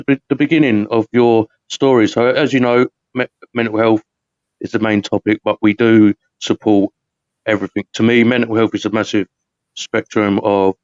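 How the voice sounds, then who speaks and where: This fairly low-pitched man from the UK runs a casual live podcast, chatting loosely and laughing a lot. The audio sounds dull, with no room sound.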